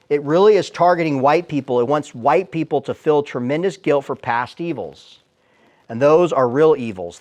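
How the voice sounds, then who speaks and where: A man's voice: fairly high pitch, darkish tone. A man speaking as a Christian apologist, giving an emphatic live teaching talk in a church with rhetorical questions. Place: church sanctuary, before a live audience.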